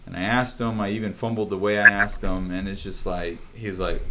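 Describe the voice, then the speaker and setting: Man, young adult, low-pitched, laid-back, swears a lot, casual livestream talk. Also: lively intonation, brisk, few pauses, background noise. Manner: laid-back, swears often, many fillers. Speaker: host, band drummer.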